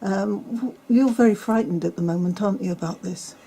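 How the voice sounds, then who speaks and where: A woman interviewer gently and hesitantly prompts her guest. Her voice is mellow and dark, with a breathy, husky edge. She sounds sympathetic but measured. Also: mid-range voice. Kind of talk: interview questions.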